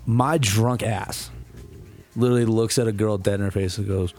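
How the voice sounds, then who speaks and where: A man's voice: lowish voice, fairly even intonation, moderate pace, a little mellow, soft background music. A young man co-hosting a podcast, telling a rambling, profane story in casual chat. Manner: profane, rambling storyteller who acts out quotes. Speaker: podcast co-host.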